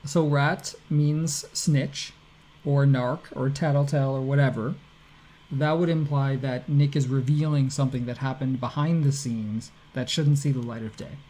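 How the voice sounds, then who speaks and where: A man co-hosting a casual podcast chat, talking in an animated way and reading tweets aloud in his own voice. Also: medium pitch, a little slow. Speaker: podcast co-host.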